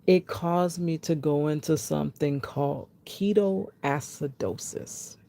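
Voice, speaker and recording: A woman vlogger telling a personal health testimony in an animated way, acting out what people said and talking straight to her viewers. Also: sits low, takes it slowly, gravelly. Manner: animated, acts out quotes, talks straight to viewers.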